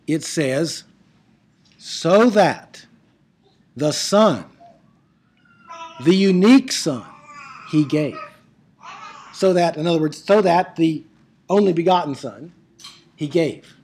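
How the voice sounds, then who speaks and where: In a medium-pitched, slightly rough voice, a Bible teacher delivers an emphatic classroom lecture on biblical Greek. He asks rhetorical questions and slows down to stress key words.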